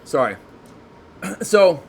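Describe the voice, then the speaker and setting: Excitable man rambling through a story. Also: a little high, extremely slow, slight background noise. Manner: excitable, rambling, many restarts. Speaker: podcast guest. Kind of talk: casual storytelling chat.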